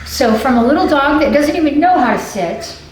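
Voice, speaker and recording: A woman with a fairly high voice teaches a dog training lesson, switching between steady explanation and coaxing praise. She sounds distant from the camera in a very echoey space, with faint background noise. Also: a little fast.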